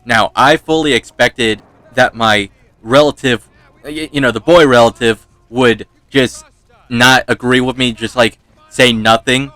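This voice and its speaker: A man with a bright, forceful voice tells a rambling personal story over gameplay, poking fun at himself and laughing along the way. His voice is recorded dry and close, with almost no room sound. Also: medium pitch, steady tone, a little slow, dry recording. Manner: rambling, self-mocking, laughs often. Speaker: gaming channel host.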